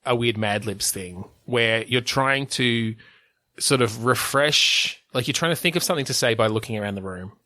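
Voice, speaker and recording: A man's voice: medium pitch, moderate pace, sharp tone, no echo. A man co-hosting a podcast in casual chat, rambling with many fillers and restarts and laughing often. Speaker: podcast co-host.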